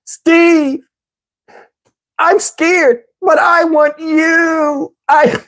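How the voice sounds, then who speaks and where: A man putting on the voice of a woman on the phone, tearful and pleading, high and drawn out. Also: steady tone, drawn-out words, a bit bright, heavily acted.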